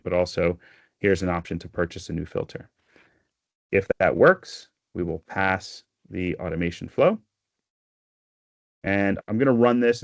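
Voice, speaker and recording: A man walking through a software product demo, explaining each step steadily with frequent fillers. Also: low voice, dry recording.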